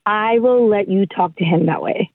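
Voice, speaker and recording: A woman's voice: medium pitch, normal speed, background noise. A woman on the phone to a radio show, defending herself in an insistent way. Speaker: caller. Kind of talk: radio call-in chat. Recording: tinny phone line.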